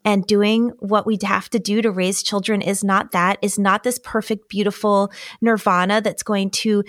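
A middle-aged woman speaks candidly and earnestly about her own life, openly emotional as she tells the story to her host. Her voice sits at an ordinary pitch and is recorded close and dry, with no room sound around it. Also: flat delivery, normal speed, dry recording. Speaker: podcast guest. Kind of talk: personal storytelling in conversation.

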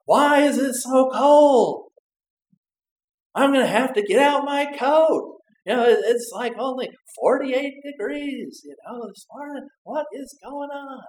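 A man's voice: unhurried, darkish tone, reverberant, a little hiss or hum, rough recording. A man voicing a grumbling churchgoer who is easily offended, complaining in an exaggerated whine. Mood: whiny complaining. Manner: exaggerated high whining complaints.

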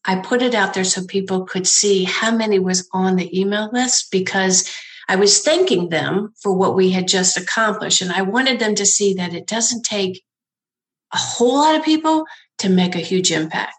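Animated woman telling her story. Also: mid-range voice, moderate pace. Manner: animated storyteller, laughs often, acts out quoted voices. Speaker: nonprofit founder, guest. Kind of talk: conversational storytelling interview.

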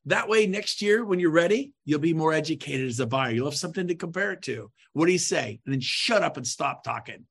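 A man coaching real estate agents on a podcast in an emphatic, punchy way, swinging between loud bursts and quiet asides. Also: fairly high pitch, animated, a little fast, gravelly, few pauses, slightly rough.

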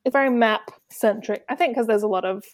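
A woman's voice: a little high, a little fast, dry recording. A woman co-hosting a casual film podcast, talking enthusiastically and acting out lines she quotes. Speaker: podcast co-host.

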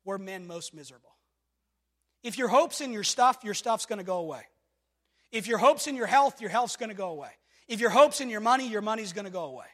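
A man with a very high voice preaches a sermon in a church hall, and his words ring out with a long reverb. He jumps from loud, shouted lines to near-hushed ones and keeps calling on the congregation with repeated refrains. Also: animated, fairly quick. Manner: repetitive rhetorical calls to the congregation. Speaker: pastor. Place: church sanctuary.

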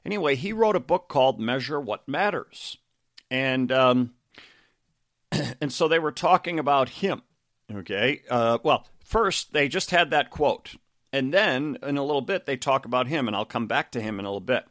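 A man's voice: medium pitch, expressive, moderate pace, fairly bright tone, dry recording, clean studio sound. A middle-aged man, a coach and podcast host, talking casually about a book, rambling with lots of fillers and restarts.

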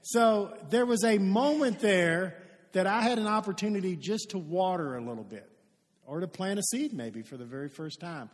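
A man with a high voice preaches a sermon, trading off between story and acted-out lines. He grew up in Kentucky. His voice rings out with a long reverb in a large church hall. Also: moderate pace. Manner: lively storytelling, acts out quoted dialogue. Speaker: pastor.

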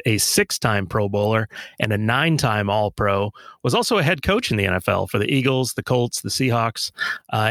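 A man's voice: medium pitch, fairly bright tone, no echo. Man talking sports on a podcast. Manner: conversational, with frequent filler pauses and dry jokes. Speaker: podcast co-host. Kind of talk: casual sports talk.

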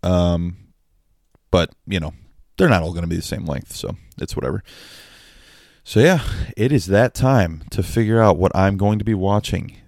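Low-voiced man reading a story aloud. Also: animated, moderate pace, darkish tone, dry recording, studio quality. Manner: self-deprecating, laughing at his own slips. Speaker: storyteller and channel host.

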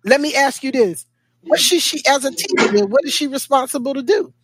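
A woman's voice: high voice, expressive, a little fast, no room sound. Earnest, emotional woman storyteller. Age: young adult. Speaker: host and storyteller. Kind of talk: emotional family conversation and narration.

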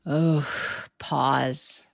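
A woman's voice: rumbling low, steady tone, very slow, creaky, dry recording, clean studio sound. A woman in her thirties, a guest author and educator, talking through ideas in a casual interview with plenty of fillers and restarts. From New York. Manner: warm, reflective, many fillers and restarts.

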